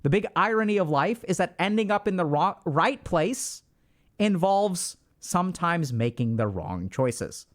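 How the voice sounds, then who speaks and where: A man in his thirties talks straight to his livestream chat, handing out blunt life advice. His voice sits a bit high for a man and leaps up and down with lots of lively movement, and he is emphatic and casually profane. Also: unhurried. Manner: emphatic, animated, swears casually.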